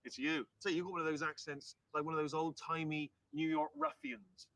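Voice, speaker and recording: A man's voice: a little high, a little fast, vocal fry, a bit bright, recorded from a distance, pitched above the performer's own voice. A man voicing a posh British hotel heir with a plummy accent and British slang. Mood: blustery.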